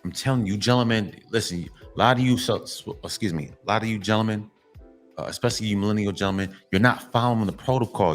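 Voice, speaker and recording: A man's voice: lowish voice, quick pace, faint music behind. Emphatic man lecturing other men. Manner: profane, blunt. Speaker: commentary channel host. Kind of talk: monologue addressed to men.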